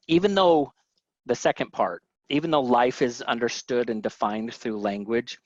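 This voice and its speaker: A man teaches in a relaxed, conversational way, often restarting his sentences and asking his audience questions. The voice is close and dry, and the sound is slightly muffled, like webinar audio. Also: medium pitch, no room sound. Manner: conversational, many fillers and restarts. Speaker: webinar presenter.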